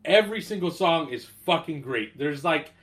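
A man's voice: on the high side, lively intonation, moderate pace, fairly bright tone. A man co-hosting a casual music chat, rambling with many fillers and some swearing. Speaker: podcast co-host.

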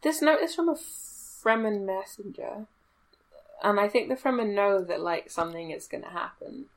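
A woman's voice: mid-range voice, animated, moderate pace. A woman co-hosting a casual book discussion, posing questions and offering thoughtful readings. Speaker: podcast co-host.

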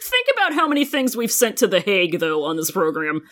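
A woman's voice: medium pitch, sing-song, a little fast, fairly bright tone. A woman co-hosting a casual podcast who swears freely and laughs often, sharing one microphone with the others in the same room. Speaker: podcast co-host. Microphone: one shared microphone.

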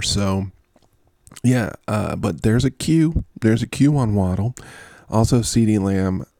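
A man's voice: fairly low pitch, gravelly, warm tone, no echo, clean studio sound. A man chatting casually and jokingly through his fantasy football picks, rambling from one aside to the next. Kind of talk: casual solo commentary.

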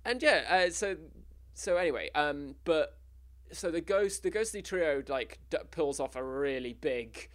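A slightly high-voiced English man chats casually and comically. He rambles through a made-up film plot, restarting his sentences and breaking into giggles. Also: expressive, a little slow, fairly bright tone. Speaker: podcast co-host pitching a film plot. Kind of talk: casual comedic chat.

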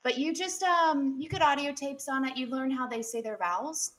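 Bubbly young actress on a video call. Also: female voice, sits high, moderate pace, fairly bright tone. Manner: bubbly, laughs often. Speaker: actress guest. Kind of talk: casual interview chat.

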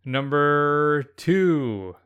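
Relaxed, opinionated man. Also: fairly high pitch, drawn-out words, clean tone, highs cut off. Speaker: podcast co-host. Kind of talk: casual film chat.

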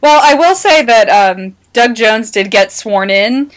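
A podcast co-host in casual chat, telling stories with quick asides. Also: medium pitch, lively intonation, fairly bright tone.

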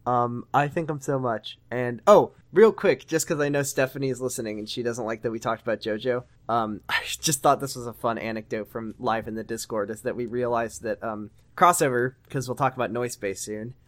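A man's voice: medium pitch, brisk, hardly any pauses. A man co-hosting a podcast, talking in a chatty, joking way with frequent restarts. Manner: chatty, jokey, stumbling restarts. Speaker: podcast co-host. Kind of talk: casual podcast chat.

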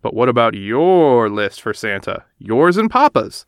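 A man voicing an excitable little girl bear cub from a storybook, pleading and breathless. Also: mid-range voice, measured pace, no echo, clean studio sound.

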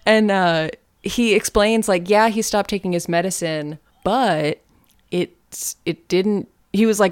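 A woman's voice: mid-range voice, slow pace, smooth, no echo, studio quality. A woman co-hosting a casual chat, rambling through a recap with lots of fillers. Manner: rambling recap, many fillers, acts out quotes. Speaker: podcast co-host.

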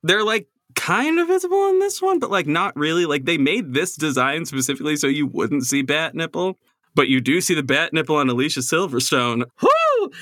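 A man in a home recording booth, ranting excitably and rambling as a guest on a comedy podcast. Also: on the high side, a little fast, no room sound. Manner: excitable, rambling fan rant. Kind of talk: casual comedy podcast banter. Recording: dry booth mic.

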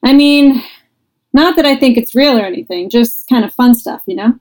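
A woman's voice: fairly high pitch, normal speed, a little mellow, lightly acted, poor audio. A woman doing a laid-back Boston man on guard duty, drawling and offhand. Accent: put-on Boston.

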